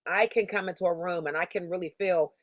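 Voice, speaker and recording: Emphatic, low-voiced woman sales coach. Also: steady tone, fairly quick, no room sound. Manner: emphatic, conversational, slangy storytelling. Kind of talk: motivational teaching talk.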